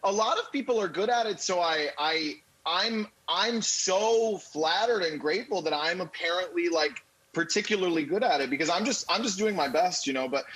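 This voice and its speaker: A man's voice: high voice, moderate pace, fairly bright tone, husky, low-quality recording. An actor, a man, joining by video call, talking in a bubbly, self-deprecating way and laughing often. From United States. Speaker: actor, interview guest.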